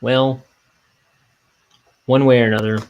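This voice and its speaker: A man's voice: medium pitch, flat delivery, unhurried, a little mellow, clear, resonant tone, muffled recording. A man who is a cartoonist, chatting casually and self-mockingly while he inks his comic on a livestream. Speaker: cartoonist streaming his inking.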